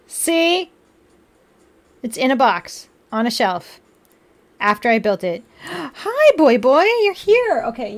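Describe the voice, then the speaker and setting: A young woman hosting a casual livestream, chatting and laughing, cooing at her cats between remarks to viewers. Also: on the high side. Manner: giggly, chatty, baby-talks to her cats. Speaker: livestream host.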